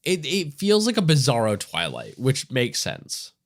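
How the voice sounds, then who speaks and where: Man, podcast co-host, casual rant, lots of swearing, lively up-and-down voice. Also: mid-range voice, a little slow. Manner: animated, swears a lot, ranting. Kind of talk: casual film review chat.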